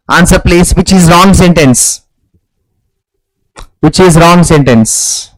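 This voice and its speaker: A man with an Indian English accent teaches an online exam-prep English class, repeating key phrases and explaining each answer with emphasis. His voice sits high. The recording is dry and close, with no room sound. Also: no echo, rough recording.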